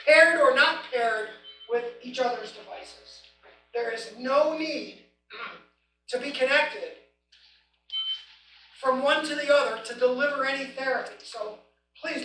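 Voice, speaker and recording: A woman's voice: high voice, bright, forceful tone. A woman giving an equipment training class, stressing each step with emphatic instructions to the group. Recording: echoey room, mic far off, faint noise.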